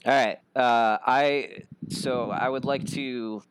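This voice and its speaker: A man playing a casual tabletop game, excitable and quick to swear or burst out loudly. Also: mid-range voice, clear, resonant tone, dry recording. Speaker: player.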